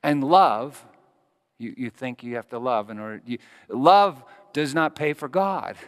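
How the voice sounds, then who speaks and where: A man preaching a sermon as pastor, impassioned, swinging from loud emphatic peaks to hushed lines, and telling a story along the way. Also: medium pitch, expressive, unhurried, smooth, in a large hall.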